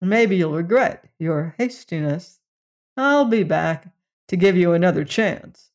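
An audiobook reader voicing a smooth-talking male grifter who wheedles and pushes his case persuasively. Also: mid-range voice, lively intonation, slow. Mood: wheedling.

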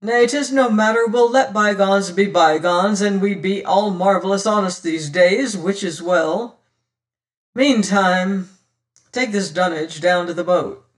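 A reader voicing a shrewd, whimsical old sea rover who speaks in archaic seafaring talk and sometimes drops to a hush, heard from a distant mic. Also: medium pitch, unhurried, natural voice. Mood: hearty. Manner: archaic seafaring speech, hushed at times. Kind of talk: audiobook character reading.

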